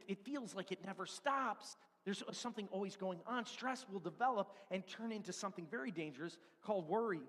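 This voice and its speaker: A man in his forties preaching a sermon as pastor in a church, animated, acting out his points and sometimes shouting. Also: high voice. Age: 40s. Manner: animated, acts out stress with props and shouts. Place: church sanctuary. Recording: long hall reverb.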